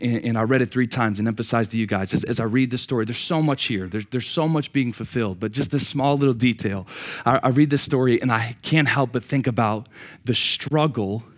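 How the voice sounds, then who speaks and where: A middle-aged man preaching a sermon, swinging from loud excited peaks to quiet reflection and repeating words as he restarts. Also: mid-range voice. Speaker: pastor.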